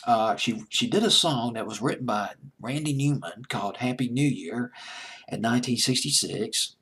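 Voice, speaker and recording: A man hosting a music show late at night, talking eagerly and rambling, sometimes dropping to a hushed near-whisper. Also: medium pitch, normal speed, husky. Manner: enthusiastic, rambling, drops to a hushed near-whisper when gushing. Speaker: deejay host.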